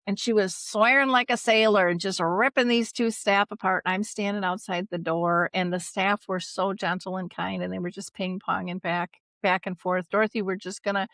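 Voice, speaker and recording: A middle-aged woman, a guest on an interview podcast, telling personal stories in an animated, emotional way and acting out the voices in them. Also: mid-range voice, dry recording. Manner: animated, emotional storyteller who acts out voices. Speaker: guest, dementia caregiving advocate. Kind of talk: conversational storytelling.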